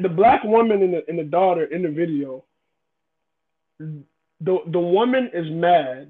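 A man in a casual debate, emphatic and profane, often repeating himself. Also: high-pitched. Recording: tinny phone-like sound.

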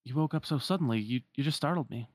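A man's voice: mid-range voice, quick pace, a little mellow, dry recording, clean studio sound, pitched above the performer's own voice, natural voice. A man voicing a caring, easily startled teenage boy in a lifted, eager voice. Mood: earnest.

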